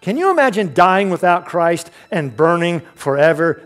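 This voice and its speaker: A man preaching a sermon as pastor, swinging from emphatic calls to quiet asides and light jokes. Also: sits high, sing-song, moderate pace, few pauses.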